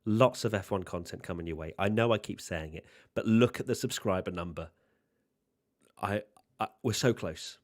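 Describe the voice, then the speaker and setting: A man's voice: deep voice, moderate pace. A British man hosting a casual livestream watchalong, upbeat and jokey as he reads out viewer comments.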